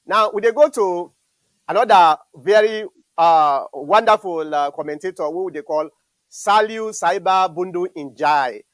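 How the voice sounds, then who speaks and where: A man hosting an online show, talking in a halting way full of fillers and restarts. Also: high voice, dry recording, rough recording. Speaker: show host.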